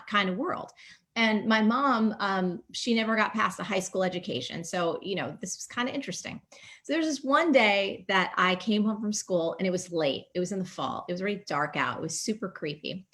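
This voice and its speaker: A woman in her forties from New Jersey, a guest speaker telling a personal story in a lively, chatty way. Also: medium pitch. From New Jersey, USA. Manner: animated, vivid storyteller, chatty with fillers.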